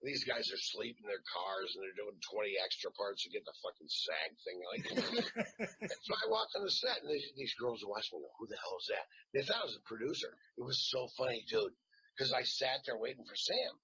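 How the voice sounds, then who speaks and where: A man telling a long, casual story as a guest actor, animated and peppered with swearing. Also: lowish voice, fairly quick, husky. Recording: dull lo-fi sound.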